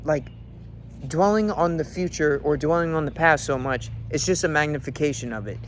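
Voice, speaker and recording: A man's voice: on the high side, normal speed, a little hiss or hum. Brash, profane young man ranting. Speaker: fitness coach. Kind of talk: motivational rant. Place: in a car.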